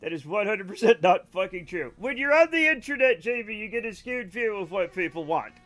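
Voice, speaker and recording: A man's voice: sits high, lively intonation, fairly quick, fairly bright tone. A man livestreaming a game and telling rambling stories in a casual chat, often laughing and correcting himself. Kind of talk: casual storytelling while gaming.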